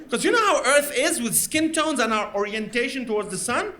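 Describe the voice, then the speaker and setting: A man from Lebanon, doing a stand-up comedy set in a live venue with lively, animated storytelling. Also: very high-pitched, fairly quick, hardly any pauses, crowd noise, background noise. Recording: live stage recording, loud audience laughter.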